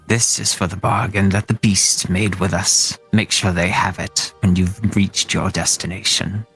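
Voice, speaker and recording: A man's voice: deep voice, flat delivery, a little slow, fairly bright tone, breathy edge, faint music behind, full character voice. A man voicing a doting old hag mother who fusses over her son, in a tabletop game. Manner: fussing, pleading.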